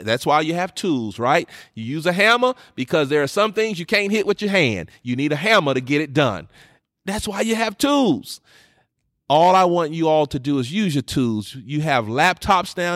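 A man's voice: sits high, fairly bright tone, no echo, studio quality. A man giving an earnest, encouraging address to students and parents as a school district leader, repeating phrases for emphasis.

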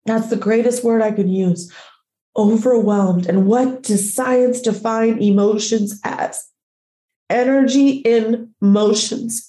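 A woman host telling a personal story in a dramatic, profane way, acting out the voices and shouts in what she tells. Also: fairly high pitch, measured pace, echoey room. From Latina. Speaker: podcast host.

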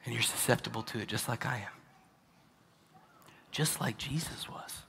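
A male pastor preaching a sermon, dropping to hushed, near-whispered lines and then rising to loud, emphatic preaching. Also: mid-range voice, normal speed, creaky, in a large hall, a little hiss or hum.

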